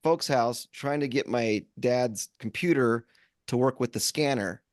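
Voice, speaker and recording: A man's voice: medium pitch, a little slow, no echo, clean studio sound. A man co-hosting a podcast, talking in a rambling casual way with lots of restarts. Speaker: podcast co-host. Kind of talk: casual chat.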